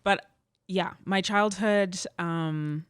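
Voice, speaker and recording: A woman's voice: on the low side, very slow, clear, resonant tone, dry recording, studio quality. A young woman from Canada, a musician guest, telling stories animatedly with many "like"s and frequent laughs. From Edmonton, Canada. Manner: animated storyteller, laughs often, lots of "like". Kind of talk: casual interview chat.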